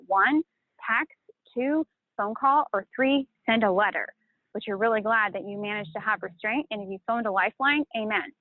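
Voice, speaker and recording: This channel host has a mid-range voice, heard dry and without echo over a tinny phone-like connection. She rambles emotionally and casually about a painful breakup, swearing as she confides.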